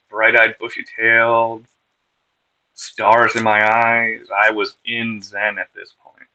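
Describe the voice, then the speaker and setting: In a low-quality recording, a man with a lowish yet bright voice speaks slowly as a podcast guest telling his recovery story. His casual personal storytelling is candid, profane and wry.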